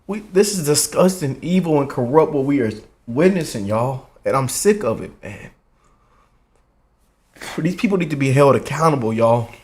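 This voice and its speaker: A man's voice: medium pitch, lively intonation, moderate pace, darkish tone. A man hosting a reaction channel, speaking in a heartfelt, emotional way and often adding "man" and "y'all". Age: 20s.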